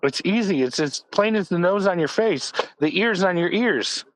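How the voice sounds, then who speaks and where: Goofy joker on a stream call, high voice, dry close sound. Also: male voice, lively intonation, moderate pace, no echo, rough recording. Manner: joking, rambling, goofy asides. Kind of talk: live stream group call.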